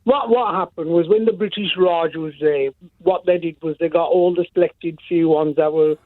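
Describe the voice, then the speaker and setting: A man's voice: fairly high pitch, fairly even intonation, moderate pace, no echo. A man calling a radio phone-in, who runs a chip shop and rambles from topic to topic. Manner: rambling, hops between topics. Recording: tinny phone line.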